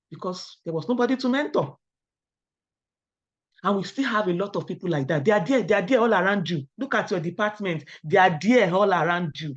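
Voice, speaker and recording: A middle-aged Nigerian woman giving a webinar talk, firing rhetorical questions at the audience and telling lively personal stories. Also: mid-range voice. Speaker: academic webinar speaker. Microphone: video call. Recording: dull lo-fi online call audio.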